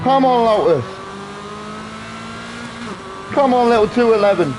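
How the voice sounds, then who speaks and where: Excitable swearing woman streamer. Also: on the high side, measured pace, long pauses, background noise. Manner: excitable, swears freely, teasing banter. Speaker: gaming livestreamer. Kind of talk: casual live gaming commentary.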